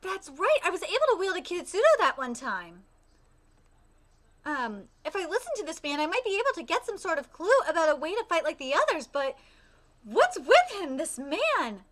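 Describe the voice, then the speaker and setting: A woman's voice: extremely high pitch, very animated, normal speed, fairly bright tone, exaggerated voice. A woman reading the lines of a brooding, suspicious young male swordsman in a doubtful, musing way.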